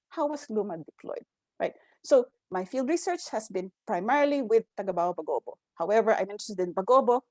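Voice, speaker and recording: A woman's voice: fairly high pitch, darkish tone, no echo. Filipino woman with frequent "right?" tags. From Philippines, grew up in Quezon City. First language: Tagalog. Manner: frequent "right?" tag questions, mixes in Tagalog phrases. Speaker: anthropologist panelist. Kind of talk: academic roundtable talk, storytelling.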